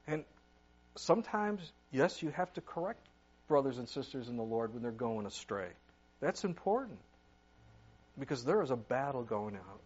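An older male pastor delivers a sermon in a mid-range voice, reading scripture aloud and pressing his points with sudden bursts of loudness before dropping to near-quiet asides. The recording sounds slightly dull and muffled. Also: medium pitch, husky. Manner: preaches with sudden rises and drops in loudness, reads scripture aloud.

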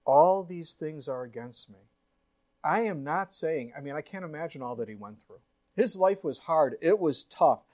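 A man, a pastor, preaching a sermon in an earnest way, full of rhetorical questions and acted-out quotes. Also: high voice. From United States.

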